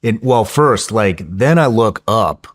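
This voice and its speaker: Low-voiced man telling a profane story. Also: slow pace. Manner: profane, excitable storytelling with frequent restarts. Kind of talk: casual storytelling in a podcast interview.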